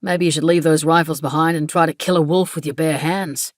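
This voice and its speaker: A woman's voice: low voice, fairly even intonation, brisk, no echo, studio quality, lightly acted. A woman voicing a blunt, curious young man who teases and swears casually.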